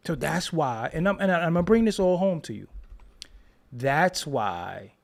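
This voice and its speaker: Male show host, raised pitch, gravelly, very lively delivery, joking storyteller. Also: a little slow. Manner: animated, joking, rambling storyteller. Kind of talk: casual commentary monologue.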